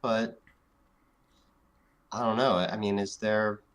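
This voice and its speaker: A man's voice: on the low side, fairly even intonation, slow. A man voicing a guarded young woman in a tabletop game, answering in an offhand, evasive way.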